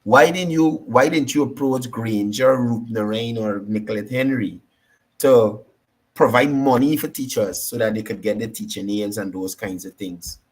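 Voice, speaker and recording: A man's voice: lowish voice, fairly even intonation, moderate pace, darkish tone, husky. A man with a Guyanese accent hosting a political talk show, combative and repeating his points for emphasis. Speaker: political commentary host.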